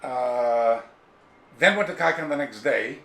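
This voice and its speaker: Recorded in an echoey room of his home with faint ambience, a karate author appearing as an interview guest tells a long, digressive anecdote. His mid-range voice is a little slow, and he's very animated, casually imitating the people in his story.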